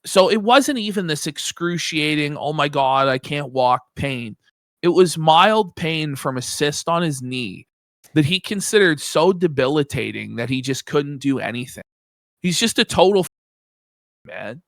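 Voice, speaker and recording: A man co-hosting a commentary stream, mocking a clip with sarcastic remarks and loud jeering outbursts. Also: a little high, expressive, unhurried, dry recording, studio quality. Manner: sarcastic, bursts into shouting mockery. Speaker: co-host.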